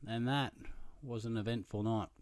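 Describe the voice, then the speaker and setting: A young Australian man, a podcast host, telling a profane, self-mocking anecdote in a casual, animated way. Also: medium pitch, moderate pace, dry recording. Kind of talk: casual storytelling.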